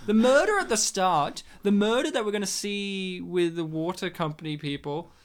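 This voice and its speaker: A man's voice: high voice, normal speed, crowd noise. A man co-hosting a casual podcast, chatting while watching a film and telling stories with lots of "like" fillers. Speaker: podcast co-host.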